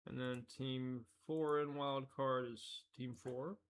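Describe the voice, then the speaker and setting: A man's voice: medium pitch, fairly even intonation, takes it slowly, slight background noise. A man hosting a casual live stream, talking loosely as he goes, often breaking off mid-sentence and chuckling at his own asides. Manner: rambling, self-interrupting, easily amused.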